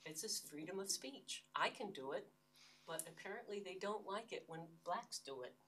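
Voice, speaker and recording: An older American woman, a university lecturer, gives an animated academic lecture in a lecture hall, earnest and emphatic, with frequent restarted phrases. Her voice is lowish, moderately paced and fairly bright; the distant recording carries a little hiss or hum.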